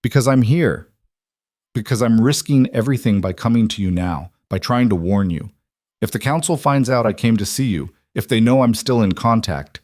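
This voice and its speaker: A man's voice: fairly low pitch, expressive, moderate pace, darkish tone, no echo, clean studio sound, natural voice. A man voicing a young alpha king who pleads earnestly to be let in, in an audiobook story. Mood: pleading.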